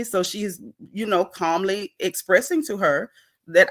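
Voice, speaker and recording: A fairly high-voiced woman chats through a reality show recap like she's catching up with friends. She leaps into big dramatic highs when she acts out the cast, then drops low and wry to comment, and stops now and then to greet viewers in the chat. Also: moderate pace. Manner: animated storytelling, acts out quotes with big pitch swings; reads chat comments aloud. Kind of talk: casual livestream recap chat.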